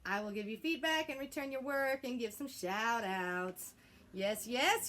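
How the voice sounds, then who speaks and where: Young woman music teacher, slightly high voice, chatty and playful with kids. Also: expressive, a little slow, sharp tone. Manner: chatty, playful, coaxing the class to repeat words. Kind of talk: remote music lesson to children.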